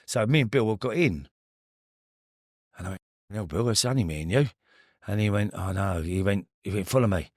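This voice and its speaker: A middle-aged man with a Cockney accent tells his stories as a podcast guest, halting and restarting often as he rambles. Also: on the low side, lively intonation, a little mellow, no room sound, clean studio sound. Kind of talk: storytelling in casual interview.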